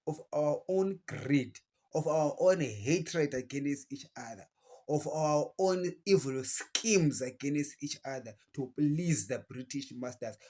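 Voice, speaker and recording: A man with a Zimbabwean accent giving an impassioned, preachy political address to camera, defiant and repeating phrases for emphasis. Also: on the high side. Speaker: political commentator.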